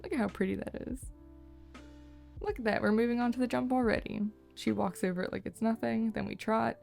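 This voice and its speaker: A young woman narrates her vlog in a cheerful voice-over, breaking into small laughs. Her voice is strongly creaky and gravelly, and soft guitar music plays faintly behind. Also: a little high, fairly even intonation, a little fast. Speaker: horse owner, vlogger.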